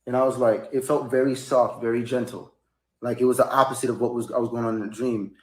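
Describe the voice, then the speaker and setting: A man's voice: fairly even intonation, quick pace. Man, casual storytelling monologue, rambling, echoey room. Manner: rambling, rising to high-pitched outbursts when quoting himself.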